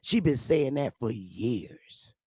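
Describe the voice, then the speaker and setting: A woman hosting her own livestream, ranting in casual talk, profane and combative, with loud outbursts. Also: a bass voice, expressive, slow pace, vocal fry, slightly rough, dry recording, clean studio sound. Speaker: livestream host. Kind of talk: heated casual livestream rant.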